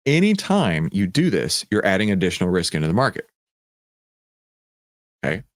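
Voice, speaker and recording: A man hosting a live trading Q&A stream, talking in an animated, rambling, self-mocking way. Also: sits low, fairly quick, dry recording, studio quality. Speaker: trading coach and stream host.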